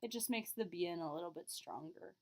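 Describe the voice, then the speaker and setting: A woman's voice: on the low side, brisk. A woman teaching beginner French, explaining patiently and modeling phrases with exaggerated rising intonation. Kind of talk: classroom lesson.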